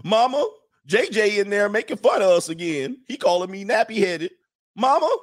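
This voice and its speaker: A man's voice: sits high, lively intonation, moderate pace, pitched above the performer's own voice. A man voicing a whiny grown man who acts like a little boy tattling to his mother.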